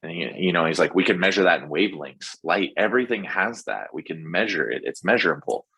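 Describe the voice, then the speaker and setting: Deep husky guy chatting on a podcast, goes on and on, upbeat. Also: expressive, fast, bright, forceful tone. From Texas. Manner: rambling, enthusiastic, lots of fillers. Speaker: podcast guest, doctor. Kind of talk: casual interview chat.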